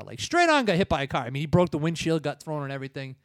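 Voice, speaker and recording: A man hosting a podcast, retelling film scenes casually with quick impressions. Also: sits high, fairly bright tone, dry recording. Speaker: podcast host. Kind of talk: casual chat.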